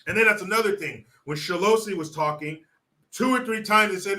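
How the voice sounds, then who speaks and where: A man giving sarcastic political commentary in an animated, mocking way. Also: high-pitched, brisk. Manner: sarcastic, animated, laughs often.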